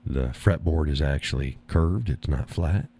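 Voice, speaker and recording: A man's voice: very deep voice, unhurried, warm tone, a little hiss or hum. A man hosting a live stream, chatting casually and reading the chat, folksy and easygoing, often repeating his own phrases.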